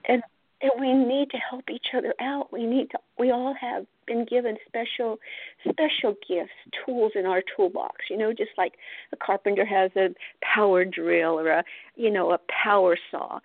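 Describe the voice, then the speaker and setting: A woman's voice: medium pitch, fairly even intonation, moderate pace, dry recording. A woman, an author being interviewed, telling a personal story in an earnest, heartfelt way. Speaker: guest author. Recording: tinny phone-like line.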